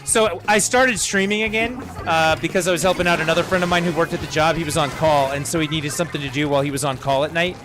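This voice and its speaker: Man, high voice, casual rambling streamer chat, young adult, game music faint behind. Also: fairly even intonation, fast talker, few pauses. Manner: rambling, conversational, lots of fillers. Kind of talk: casual chat while gaming.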